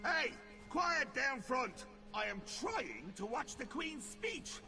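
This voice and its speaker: A man's voice: very high-pitched, big pitch swings, slow, sharp tone, faint music behind, exaggerated voice. An actor playing a gleeful, theatrical male court jester in a video game, announcing and mocking like a showman.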